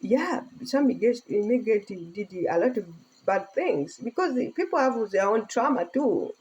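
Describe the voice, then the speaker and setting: Middle-aged woman from Tanzania, earnest casual vlog to phone, mellow husky tone. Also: on the high side, sing-song, moderate pace, rough recording. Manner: earnest, speaking broken English with laughter. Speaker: vlogger.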